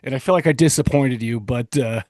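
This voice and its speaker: A man's voice: medium pitch, fairly quick, darkish tone, no echo, studio quality. A man co-hosting a casual podcast, joking and rambling with frequent restarts. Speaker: podcast co-host. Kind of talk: casual chat.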